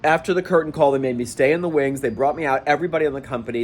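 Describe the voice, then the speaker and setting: A man's voice: medium pitch, racing, hardly any pauses, a little hiss or hum. A man in the wardrobe department of a theater, talking casually and emotionally into his phone camera at home, gushing and laughing at himself. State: emotional, near tears. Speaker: theater wardrobe worker and vlogger. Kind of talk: casual selfie vlog. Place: at home, then a bathroom.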